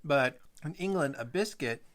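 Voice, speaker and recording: A man's voice: on the high side, lively intonation, moderate pace, a bit bright. A man hosting a podcast, chatting in an easygoing, chatty way with small hesitations. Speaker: podcast host. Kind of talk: casual chat and show announcements.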